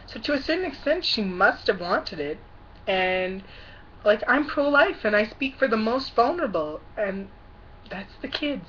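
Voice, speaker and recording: A woman's voice: a little high, animated, moderate pace, fairly bright tone, slight background noise. A woman doing a sneering impression of a smug male politician who waves away criticism, on a lo-fi recording. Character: smug anti-abortion male politician, dismissive.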